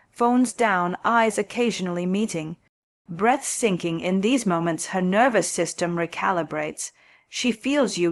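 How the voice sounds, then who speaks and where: A woman calmly narrating scripted relationship advice in a slow, soft, intimate way. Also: medium pitch, dry recording.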